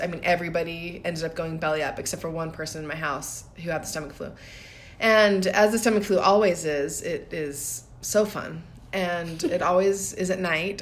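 A woman's voice: on the low side, fairly bright tone. A woman in her thirties co-hosting a casual podcast chat. She tells personal stories reflectively and laughs often. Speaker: podcast co-host.

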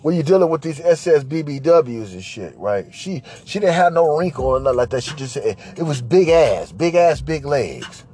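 A man's voice: fairly high pitch, sing-song, moderate pace, few pauses, mellow, husky. A man hosting a podcast, telling a crude story in a boastful, profane way, repeating phrases and slipping into singsong. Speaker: podcast host.

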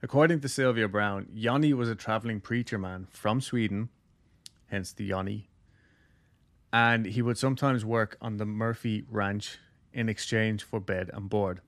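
Low-voiced man telling a ghost story. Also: normal speed, fairly bright tone. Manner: loose, jokey, heavy use of "like". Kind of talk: casual storytelling chat.

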